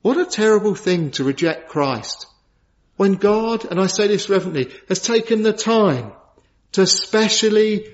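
Fervent high-voiced male preacher. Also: lively intonation. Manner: fervent, emphatic preaching with slow stressed declarations. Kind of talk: sermon. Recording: dull lo-fi church recording.

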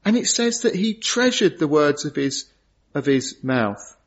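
Man, middle-aged, sermon, earnest, short phrases, higher voice, dull lo-fi recording. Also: very animated. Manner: earnest, pausing in short phrases, rising to emphasis. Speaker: preacher. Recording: dull lo-fi sound.

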